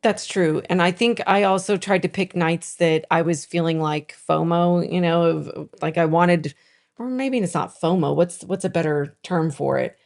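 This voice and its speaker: A woman's voice: lowish voice, moderate pace, creaky, darkish tone. A middle-aged woman co-hosting a live stream, chatting casually and reading out viewer comments. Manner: chatty, reads out chat comments, laughs often.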